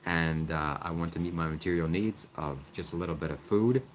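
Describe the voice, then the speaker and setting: A man's voice: brisk, a little hiss or hum. A man on a comedic livestream playing a sly mock guru who begs for donations. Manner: sly, mock-spiritual sales pitch.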